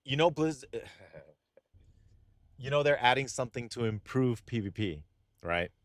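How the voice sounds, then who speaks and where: A young man streaming live, chatting casually and excitedly straight to his viewers, rambling between thoughts. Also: medium pitch, moderate pace, no echo.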